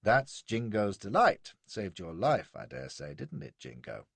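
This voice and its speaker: A man voicing a cheerful, teasing English adventurer in his forties with a brisk manner. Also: lowish voice, wildly swooping pitch, creaky, slightly rough, dry recording, heavily acted. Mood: jovial. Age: 40s. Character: hearty, grinning middle-aged English adventurer man.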